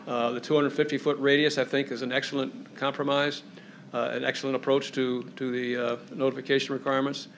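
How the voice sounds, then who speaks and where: A man's voice: mid-range voice, little pitch movement, fairly quick, fairly bright tone, slight background noise. A man giving public comment at a county meeting, hesitant with frequent fillers.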